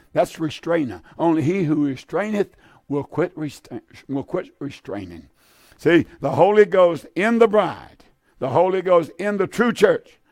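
Radio preacher, male, gravelly tone, pleading and fervent, dry close sound. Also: a little high, darkish tone, no room sound. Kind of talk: radio sermon and prayer.

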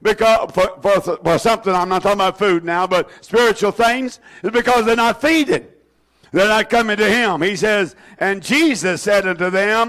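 A male preacher, delivering a sermon and drawing out scripture quotations with slow emphasis. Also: sits high, fairly bright tone.

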